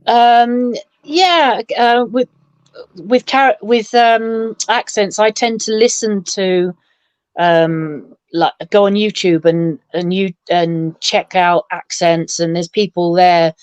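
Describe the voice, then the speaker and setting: A woman speaks very slowly in a smooth, resonant, fairly low voice, halting over her words. The sound is dry and close. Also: fairly even intonation, no room sound. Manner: slow and halting, with many fillers. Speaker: voice performer guest. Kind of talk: casual group chat on a live stream.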